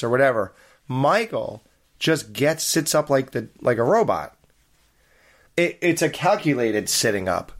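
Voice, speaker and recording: A man's voice: medium pitch, lively intonation, unhurried. A man co-hosting a casual film review podcast, retelling scenes step by step and asking pointed questions about them. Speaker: podcast co-host.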